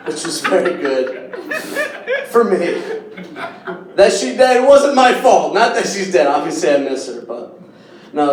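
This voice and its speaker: A man's voice: fairly high pitch, distant mic, slight background noise. Man doing stand-up in a roomy club. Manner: storytelling, drops quiet then bursts into loud yelps. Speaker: stand-up comedian. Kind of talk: stand-up comedy set. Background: audience laughter.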